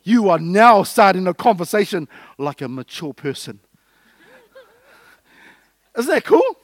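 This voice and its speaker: A man preaching a lively, jokey sermon, acting out little scenes as he goes. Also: high-pitched, a little slow, dry recording. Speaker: pastor.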